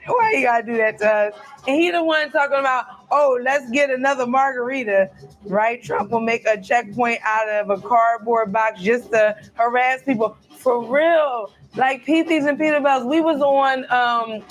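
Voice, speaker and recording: A woman's voice: on the high side, normal speed. A woman hosting a casual live stream from a cruise ship cabin, chatting loosely and talking straight to her viewers. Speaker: live-stream host reading viewer comments.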